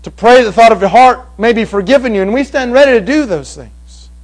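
A man preaching a sermon to a congregation, swinging from hushed passages to loud, emphatic ones. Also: extremely high pitch, expressive, a little fast, poor audio. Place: evening meeting before a congregation.

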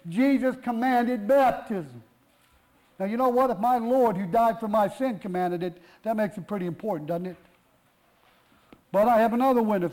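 A man's voice: very high-pitched, a little mellow, rough recording. A man preaching a sermon, pressing his point with rhetorical questions and emphatic repetition.

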